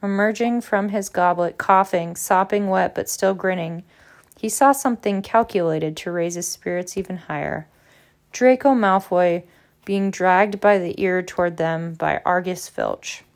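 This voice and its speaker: Woman reading a book chapter out loud, lively, trips over words here and there. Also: fairly low pitch, unhurried. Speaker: audiobook reader. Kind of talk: storybook narration.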